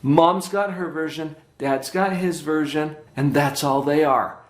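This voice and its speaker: A man's voice: fairly high pitch, fairly even intonation, unhurried, echoey room. A man giving a parenting workshop as a child psychologist, speaking emphatically and often checking in with his listeners.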